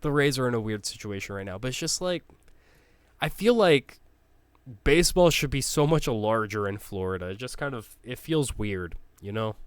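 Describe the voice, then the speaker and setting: A man's voice: mid-range voice, animated, moderate pace, smooth, no echo. A man giving casual, opinionated commentary, ranting bluntly with swearing and frequent restarts. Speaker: sports logo ranker.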